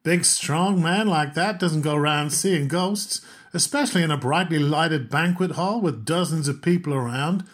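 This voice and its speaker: A man reading aloud, voicing a chatty, insistent American woman who loves mysteries, in a husky voice. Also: fairly high pitch, measured pace, few pauses, pitched above the performer's own voice. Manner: insistent, animated.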